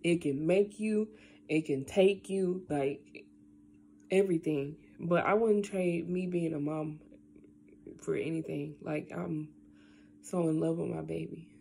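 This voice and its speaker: A young woman talking casually into her camera at home, rambling and tearful, with lots of halting fillers. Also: low voice, steady tone, creaky, mellow, a little hiss or hum. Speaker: vlogger. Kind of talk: casual vlog, emotional talk then unboxing.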